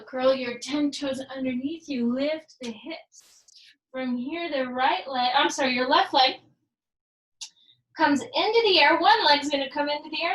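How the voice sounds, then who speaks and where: A woman instructor leading a yoga and fitness class, calmly cueing each movement and counting reps down, sometimes adding Spanish phrases. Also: high-pitched, roomy sound, poor audio. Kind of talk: guided workout instruction with counting.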